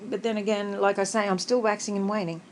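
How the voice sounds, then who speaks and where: A woman's voice: mid-range voice, little pitch movement, quick pace, slight background noise, poor audio. An Australian woman chatting in a rambling, conversational way in a personal vlog, often laughing, sitting up in bed in a hotel room. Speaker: vlogger.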